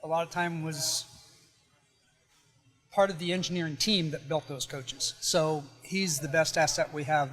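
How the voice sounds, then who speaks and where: Brief: high-pitched male technician, plain-spoken explainer, soft music behind. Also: fairly even intonation, a little slow. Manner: plain-spoken, restarts mid-word. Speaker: service technician.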